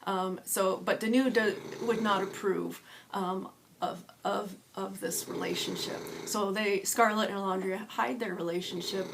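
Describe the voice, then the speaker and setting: Hesitant female vlogger, unhurried casual chat, noisy home recording. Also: mid-range voice. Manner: hesitant, many ums and restarts, soft laughs. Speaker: doll collector vlogger. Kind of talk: casual chat about her doll characters. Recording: audible background noise.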